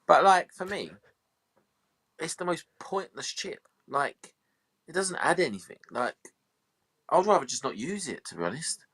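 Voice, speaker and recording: A man's voice: a little high, lively intonation, unhurried, long pauses, fairly bright tone, husky. A man co-hosting a podcast, grumbling dismissively in casual chat. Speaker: podcast co-host.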